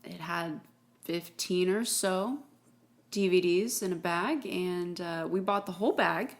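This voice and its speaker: A woman's voice: fairly low pitch, slow. A woman co-hosting a casual podcast, chatting about a movie with dry, teasing asides. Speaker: podcast co-host.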